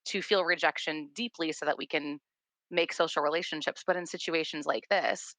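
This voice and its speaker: A woman in her thirties, a guest therapist, talking in an animated and earnest way, often repeating words. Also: low voice, normal speed, dry recording. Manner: animated storyteller, warm and earnest, repeats words as she talks. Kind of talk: casual conversation.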